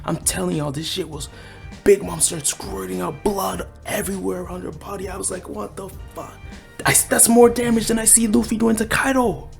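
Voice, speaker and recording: A man giving a casual, excited chapter review, talking in slang and acting out the characters' lines. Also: high voice, brisk, vocal fry, music in the background. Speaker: anime and manga reviewer.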